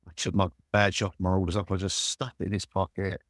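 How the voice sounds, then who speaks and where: Low-voiced London man in his sixties. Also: a little fast, dry recording, studio quality. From Walthamstow, London. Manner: lively storyteller who swears freely. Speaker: guest. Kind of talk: telling anecdotes in an interview.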